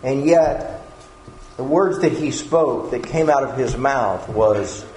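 Slow, earnest male preacher in echoey room. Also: mid-range voice, lively intonation, darkish tone. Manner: earnest, repeats words while searching for phrasing. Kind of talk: sermon. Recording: echoey room with faint background noise.

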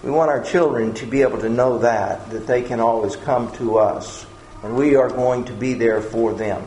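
A man's voice: mid-range voice, fairly even intonation, normal speed, darkish tone. A man preaching a sermon in an earnest way, often repeating words as he searches for the phrasing. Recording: echoey room with faint background noise.

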